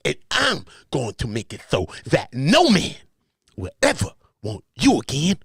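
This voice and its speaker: A man putting on an impression of a menacing older man who talks with a lisp, in a slow, growling delivery. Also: fairly high pitch, wildly swooping pitch, vocal fry, slightly rough, no echo, studio quality, heavily acted.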